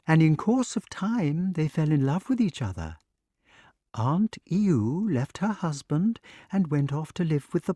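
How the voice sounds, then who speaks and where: A man voicing a patient old male grass snake with a sing-song, gently affectionate way of talking, in an audiobook. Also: a little high, dry recording, clean studio sound, voice pushed up. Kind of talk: audiobook character reading.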